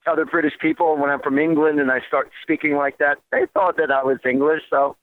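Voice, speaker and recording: A man's voice: on the high side, fairly even intonation, a little fast, no room sound. A man with a New Jersey accent hosting a radio show, rambling casually with lots of fillers and restarts. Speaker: radio host. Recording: tinny phone-like radio line.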